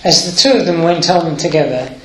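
A man's voice: a little high, fairly bright tone, roomy sound, rough recording. A man preaching a sermon, reading scripture aloud and explaining it with hesitant fillers, moved by the story. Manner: unhurried, emotional, with hesitant fillers.

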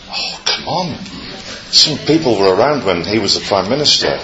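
A man's voice: fairly low pitch, big pitch swings, normal speed, background noise. A man preaching to a congregation, hesitant with many fillers and light jokes. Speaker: guest preacher. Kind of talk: sermon opening with a quiz. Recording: echoey, muffled, congregation audible.

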